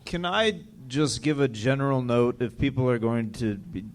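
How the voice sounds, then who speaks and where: A man giving dry, deadpan notes to comedians. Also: medium pitch, moderate pace. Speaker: comedy panelist.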